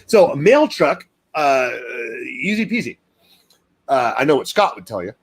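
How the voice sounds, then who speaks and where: A man hosting a casual live stream as a dog trainer, talking to viewers in an animated, fired-up way with plenty of fillers. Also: on the high side, a little slow, breathy edge.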